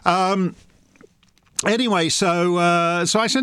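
A man's voice: high voice, steady tone, moderate pace, fairly bright tone, clean tone, no room sound, studio quality. A man hosting a members' question session, rambling and combative, with many restarts. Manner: reads out listener questions. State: uses a wheelchair. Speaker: host answering member questions. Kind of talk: casual monologue.

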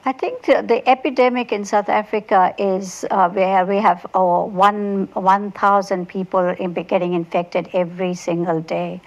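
A woman from Uganda, a health researcher, speaks as an expert guest in an interview. She answers thoughtfully, with pauses and restarts as she gathers her words. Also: medium pitch, fairly even intonation, highs cut off. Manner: thoughtful, pausing to search for words.

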